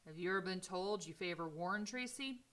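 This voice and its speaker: A woman voicing an energetic man of about seventy who owns a small-town newspaper, with a high-pitched voice and a folksy, blunt manner. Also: brisk, lightly acted. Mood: wary.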